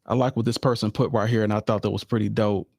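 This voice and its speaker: A man's voice: on the low side, level tone, fast talker, vocal fry, a little mellow, dry recording, studio quality. A man hosting a live podcast in a casual, chatty way, talking sports and often addressing listeners directly. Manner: laid-back, repeats phrases, addresses listeners as y'all. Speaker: podcast host.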